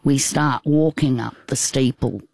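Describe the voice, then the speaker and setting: An older Australian woman tells a personal story at an unhurried pace. She talks haltingly, with restarts and asides. The sound is close and dry. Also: very deep voice, fairly even intonation, vocal fry, a little mellow, dry recording. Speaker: guest.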